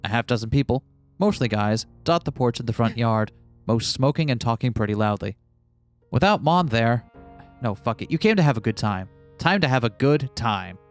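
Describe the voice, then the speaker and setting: Brief: man narrator, casual and sweary, middle voice, soft music bed. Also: mid-range voice, lively intonation, moderate pace. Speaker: co-host playing a game. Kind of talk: reading a text game aloud.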